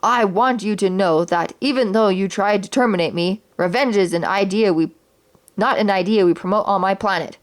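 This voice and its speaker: A woman's voice: mid-range voice, normal speed, natural voice. A woman reading a children's story aloud, voicing a bossy, earnest male space-ranger toy in a formal, commanding way. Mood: stern.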